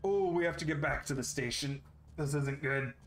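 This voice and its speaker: A man's voice: fairly high pitch, moderate pace, a bit bright, roomy sound. A man voicing a wounded, panicking male city guard who yelps in short frantic bursts. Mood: panicked.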